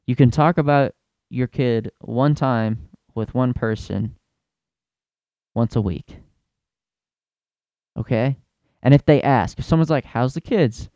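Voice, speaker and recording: A young man hosting a comedy podcast who rants in a profane, exasperated way, breaking into loud bursts. His mid-pitched voice is smooth and clear. The sound is dry and close, with no room around it. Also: slow pace, pauses often, no echo, dull audio. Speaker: podcast host.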